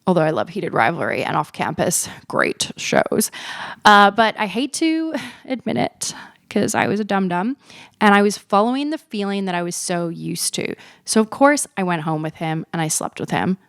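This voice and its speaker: A woman's voice: on the low side, animated, moderate pace, vocal fry, fairly bright tone, no room sound, studio quality. A woman in her thirties hosting a podcast, telling a personal story in a frank, chatty, self-mocking way and swearing freely. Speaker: podcast host.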